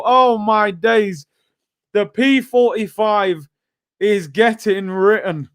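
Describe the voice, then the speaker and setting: A young man hosting a live football watchalong, bantering with chat and reacting loudly to the game. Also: sits high, slow pace, no room sound, studio quality. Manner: banter-heavy, erupts into shouting at goals. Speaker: watchalong host.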